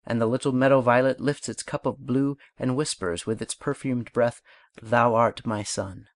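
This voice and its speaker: A man reading an audiobook aloud, reciting verse and instructions in a measured, unhurried way. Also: medium pitch, fairly even intonation, no echo, studio quality. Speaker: audiobook reader. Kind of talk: scripted audiobook narration.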